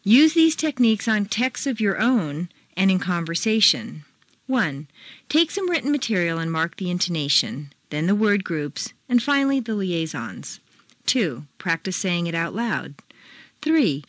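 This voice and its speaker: A woman with an American accent, a pronunciation teacher reading scripted lesson drills and instructions with deliberate, clearly enunciated delivery. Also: fairly low pitch, sing-song, no room sound. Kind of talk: scripted language lesson audio.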